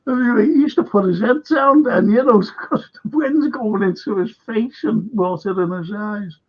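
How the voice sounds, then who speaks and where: A man's voice: sits high, moderate pace, husky. An older man hosting a show, telling a rambling story in casual chat and repeating himself. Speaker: host. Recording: dull lo-fi stream audio.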